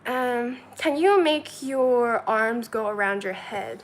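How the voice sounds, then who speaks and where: A woman's voice: a little high, a little slow, hardly any pauses, rough recording. A woman from China hosting a casual livestream from a hotel room, counting aloud, answering chat questions and laughing often. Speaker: livestream host. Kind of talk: casual live-stream chat.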